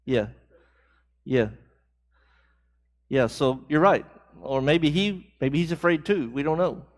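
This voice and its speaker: Leading a church Bible class, a man with a slightly high voice speaks slowly and conversationally. He asks the class questions, answers back, and builds emphasis on key phrases.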